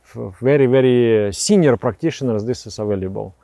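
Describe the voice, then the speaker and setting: A man teaching meditation, explaining breathing practice in a halting way, often repeating words and restarting phrases, with soft laughs between remarks. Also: mid-range voice, creaky, dry recording.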